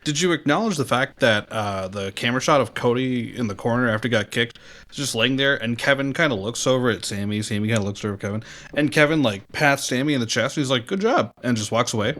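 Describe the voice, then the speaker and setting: A man in casual podcast conversation, laid back and prodding the others with rhetorical questions. His voice is bright and forward, at a middle pitch. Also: fast. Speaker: podcast co-host. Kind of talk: casual chat.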